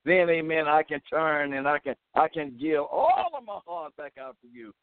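A man's voice: fairly high pitch, sing-song, moderate pace, clear, resonant tone, no room sound. A man preaching a radio sermon with fervor, sprinkling in "amen" and "praise the Lord" as he exhorts his listeners to pray. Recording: tinny phone-like radio sound.

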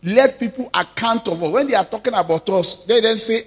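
A man's voice: high voice, fairly quick, few pauses, in a large hall. A man preaching a sermon as pastor, stressing and drawing out words and calling out to the congregation.

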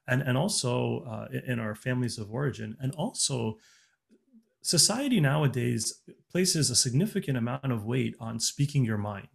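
A man's voice: medium pitch, gravelly, breathy edge. A man talking earnestly in a casual podcast chat, giving relationship advice with many restarts and fillers.

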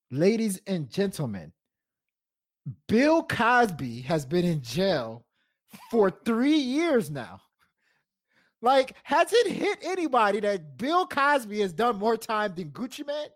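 A man's voice: high voice, very animated, unhurried, dry recording, studio quality. A man co-hosting a podcast, joking and laughing often in casual banter. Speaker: podcast co-host.

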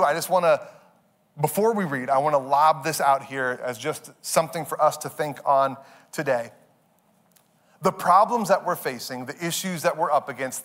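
A man's voice: fairly high pitch, a bit bright. A male pastor preaching a sermon in a conversational way, repeating phrases and acting out little asides.

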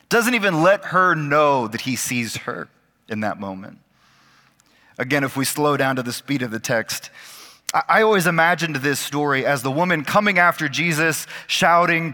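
A man's voice: fairly high pitch, sharp tone. Man preaching in a reverberant church. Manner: slows down and stresses words, rising for emphasis. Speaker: pastor. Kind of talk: sermon. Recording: church hall with long reverb.

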